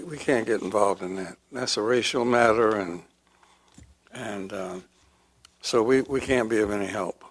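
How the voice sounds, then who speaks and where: Older man, panel guest, measured storytelling, throat clearing, mid-pitched voice. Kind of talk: panel reminiscence. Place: performing arts center panel.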